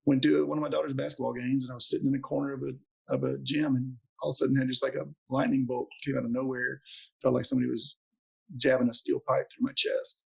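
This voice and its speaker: A man's voice: medium pitch, level tone, fast talker, creaky, breathy edge, low-quality recording. A man in his forties, a doctor telling a story in an interview and acting out the quotes with animation. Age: 40s. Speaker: podcast guest, doctor.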